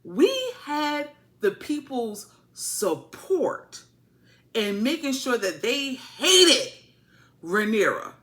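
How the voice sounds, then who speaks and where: A woman giving a casual, animated, colloquial TV episode recap, repeating her points for emphasis. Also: fairly high pitch, extremely slow. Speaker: TV show reviewer.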